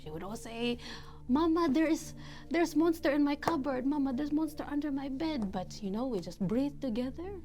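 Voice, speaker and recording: A woman voicing a warm motherly caregiver with a put-on foreign accent, coaxing and gently whispery in a tabletop role-play. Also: high voice, expressive, normal speed, soft background music. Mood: soothing. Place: studio.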